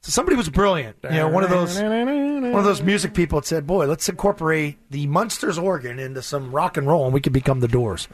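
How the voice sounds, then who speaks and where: A man co-hosting a sports radio show, chatting casually in an upbeat way with drawn-out fillers. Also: on the high side. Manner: upbeat, drawn-out fillers when reading ads. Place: radio studio.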